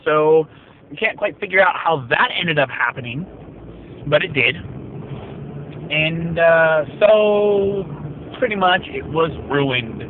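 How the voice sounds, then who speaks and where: A man rambles through a casual vlog from the driver's seat, joking at his own expense in a slightly raised, somewhat worn voice. The sound is thin and tinny, like a phone line, with a faint engine rumble underneath. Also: expressive, slow pace, pauses often. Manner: rambling, self-mocking, jokey asides. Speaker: vlogger. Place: inside a car while driving. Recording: tinny phone-like car recording.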